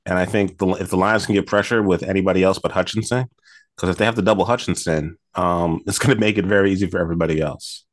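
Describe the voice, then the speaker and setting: Deep-voiced man breaking down football picks. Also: steady tone, fast talker, dry recording, studio quality. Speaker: sports betting podcast co-host. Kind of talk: casual sports talk.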